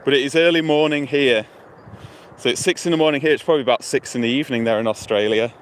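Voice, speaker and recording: This British vlogger streams a walking chat on his handheld phone along a lake and river near a motorway, speaking to viewers in a loose, thinking-aloud ramble. He talks fast at a medium pitch, with the hum of traffic behind him.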